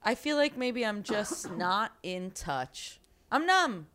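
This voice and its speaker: A woman co-hosting a casual podcast, teasing with deadpan jokes. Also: mid-range voice, takes it slowly, a little hiss or hum. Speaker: podcast co-host.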